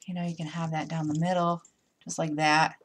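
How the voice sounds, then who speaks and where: A woman's voice: low-pitched, little pitch movement, brisk, slight background noise. A woman chatting to viewers as she demonstrates a craft project in a casual live tutorial. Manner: chatty, talks to viewers while working.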